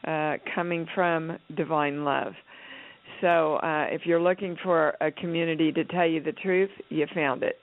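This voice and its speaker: A radio talk show host and channeler with a fairly low voice chats casually, bubbly and effusive, peppering her talk with fillers and giggles. There's no echo, but the audio has a tinny, phone-line radio quality.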